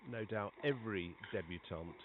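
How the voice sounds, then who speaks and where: A man's voice: on the low side, moderate pace. A man giving chatty live commentary on a cricket match. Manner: conversational, chatty between balls, rising excitement on big shots. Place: outdoor cricket ground. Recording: tinny phone-like line with clear background noise.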